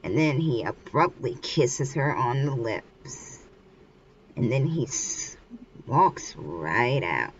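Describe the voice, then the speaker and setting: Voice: mid-range voice, animated, slow pace. A vlogger casually retelling a comic chapter, rambling loosely with lots of filler and restarts. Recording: muffled with faint hiss.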